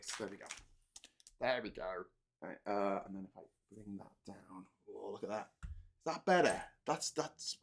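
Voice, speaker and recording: Man, live-stream host, rambling, jokey, swears, laughs a lot. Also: fairly low pitch. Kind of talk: casual live-stream chat while building a model.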